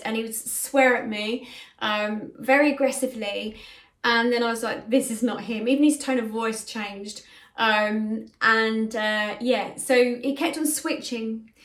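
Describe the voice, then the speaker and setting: A woman's voice: fairly high pitch, steady tone, measured pace, fairly bright tone. A middle-aged woman, earnestly telling a personal story as a spiritual medium in a casual, conversational way, recorded in a bedroom at home. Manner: earnest, conversational, with frequent fillers. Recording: echoey room.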